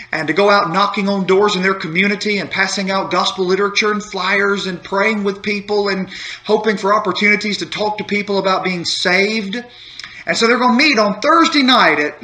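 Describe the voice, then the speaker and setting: A man's voice: high-pitched, sharp tone. A man giving a short devotional sermon, telling a story in a folksy, repetitive, building way. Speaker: pastor. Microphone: holding a phone while speaking to camera.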